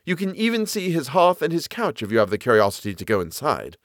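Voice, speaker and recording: A man voicing an eager, knowledgeable naturalist man who explains the moor with lively enthusiasm. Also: on the high side, quick pace, dry recording, clean studio sound, pitched above the performer's own voice. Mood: lecturing.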